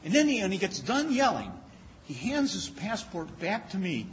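A man spins humorous stories from the podium, his pitch swinging up and down, and he often stammers and restarts a phrase. The recording is dull and lo-fi, and his voice rings with the long reverb of a big hall. A faint hiss sits underneath. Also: normal speed. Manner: humorous, animated anecdotes with frequent stammered restarts. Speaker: speaker giving a lecture. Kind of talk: storytelling speech.

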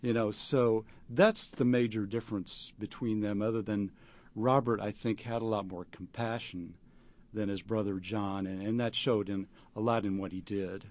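A man, an actor, answering interview questions in a halting way, with many fillers and restarts. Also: fairly low pitch, steady tone, a little mellow. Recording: dull lo-fi radio recording.

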